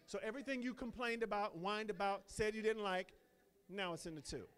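A man preaching a sermon, swinging from slow, soft quoted prayers up to loud, exclaimed lines. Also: high-pitched, clean tone.

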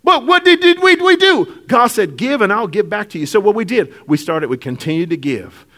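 A man preaching a sermon to a congregation, shifting between hushed, drawn-out lines and loud, laughing bursts. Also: high-pitched. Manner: animated preaching, swings from hushed to shouting, laughs often. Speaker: pastor.

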